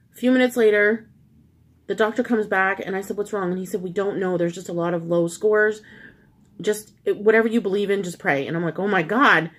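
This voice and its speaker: A middle-aged woman from Canada, hosting her own channel, telling viewers a personal story in a casual, confiding way while close to tears. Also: medium pitch. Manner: emotional, confiding, addresses viewers as friends. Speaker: vlog host.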